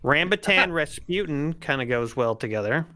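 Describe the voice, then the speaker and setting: A man's voice: a little high, expressive, moderate pace, bright, forceful tone, slight background noise. A man casually chatting and joking while building a game character. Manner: laughing, joking, thinking aloud. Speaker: player.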